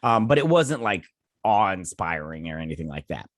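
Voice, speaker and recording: He's a show reviewer in his thirties, speaking in a low, sing-song voice at normal speed, with studio-quality sound and no echo. Drowsy and yawning, he wanders through a casual episode recap full of fillers and retold scenes.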